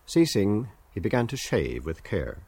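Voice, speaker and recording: A man narrating a novel as an audiobook in a measured, stately way. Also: fairly low pitch, huge pitch swings, creaky, darkish tone, breathy edge, no echo.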